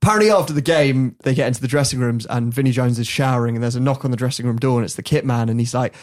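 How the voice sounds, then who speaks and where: A man, hosting a podcast and telling anecdotes in a lively, laughing way. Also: medium pitch, very fast. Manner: animated, laughs while telling stories. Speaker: podcast host. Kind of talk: storytelling in casual chat.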